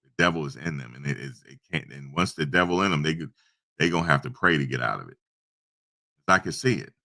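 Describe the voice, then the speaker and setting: A man's voice: extremely low pitch, expressive, quick pace, pushed and bright. A man hosting a casual livestream, telling a story and talking in a conversational, repetitive way with preachy asides. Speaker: YouTube livestream host.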